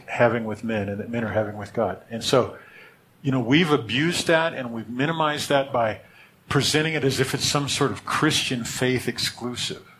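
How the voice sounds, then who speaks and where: A man's voice: medium pitch, a little hiss or hum. A man teaching a sermon in a conversational way, often checking in with his listeners and restarting his sentences. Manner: restarts and repeats words. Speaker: pastor.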